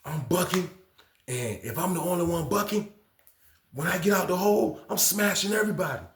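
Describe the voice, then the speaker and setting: A man voicing an angry young male inmate who shouts threats at his cellmates. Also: high-pitched, lively intonation, fairly quick, roomy sound, a little hiss or hum, voice pushed up. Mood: threatening. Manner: loud, threatening, keyed up.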